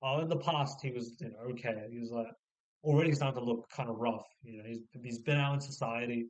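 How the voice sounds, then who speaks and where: A man casually summarizing a novel, rambling with many filler words and restarts, sometimes putting on quick voices for the characters. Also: medium pitch, dull audio. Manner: slips into short mock voices for the characters. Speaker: book reviewer. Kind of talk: casual spoken book summary.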